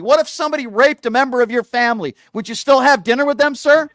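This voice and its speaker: A middle-aged radio talk show host argues heatedly with a caller, combative and insulting, pounding him with the same question over and over. His very high voice is fast and fairly bright, with few pauses. The recording has no echo.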